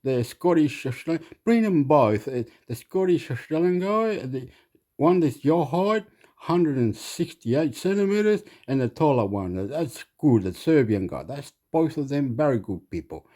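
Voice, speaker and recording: A man's voice: a little high, lively intonation, moderate pace, dark tone. Man doing his pushy broken-English uncle. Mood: insistent. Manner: repetitive, clipped broken English.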